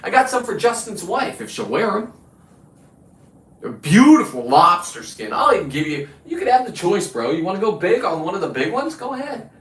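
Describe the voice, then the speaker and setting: A man's voice: sits high, sing-song, normal speed, fairly bright tone. A man hosting his own show, delivering a combative, boastful, profane rant. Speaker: show host. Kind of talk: profane ranting monologue. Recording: roomy, distant from the mic.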